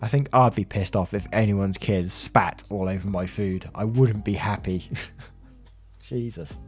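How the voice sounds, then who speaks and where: A man's voice: on the low side, unhurried, soft background music. A man narrating online stories casually, with wry asides and free swearing. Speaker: reddit story narrator. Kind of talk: casual story narration with commentary.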